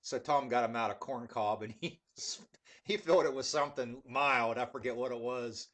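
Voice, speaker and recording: A man telling casual stories with many fillers, then reviewing a pipe tobacco in a relaxed, rambling way. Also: mid-range voice, normal speed. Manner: laid-back rambling with fillers.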